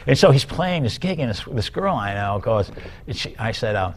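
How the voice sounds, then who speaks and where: An older man, a musician rambling through animated stories in casual chat and acting out the people he quotes. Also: mid-range voice, normal speed, a little hiss or hum. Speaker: guest musician.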